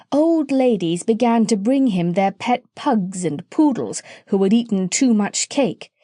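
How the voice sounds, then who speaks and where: A woman narrating a classic children's storybook aloud in an expressive storytelling manner. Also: mid-range voice, no room sound, studio quality. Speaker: audiobook narrator.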